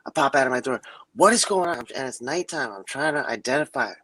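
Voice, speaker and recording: Male co-host, animated storyteller, mid-pitched, voices the people in his anecdotes. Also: brisk. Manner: animated, acts out quotes with big pitch jumps. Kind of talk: casual storytelling.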